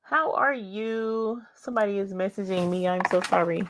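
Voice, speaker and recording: A woman hosting a casual craft livestream, chatting and greeting viewers by name with drawn-out exclamations. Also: medium pitch.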